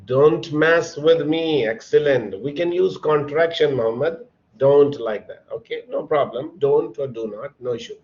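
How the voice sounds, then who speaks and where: Male English teacher, unhurried and encouraging, mid-pitched voice, dull lo-fi sound. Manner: slow, patient, encouraging, calls on students by name. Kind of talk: online classroom lesson.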